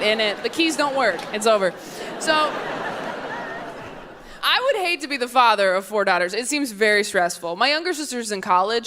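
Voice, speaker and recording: A young woman in her twenties performing a stand-up routine in a quick, deadpan way on a stage mic, with her voice jumping high for the lines she acts out. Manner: quick deadpan delivery, high-pitched voice for acted quotes. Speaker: stand-up comedian. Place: comedy stage before a live audience. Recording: noisy live room with audience.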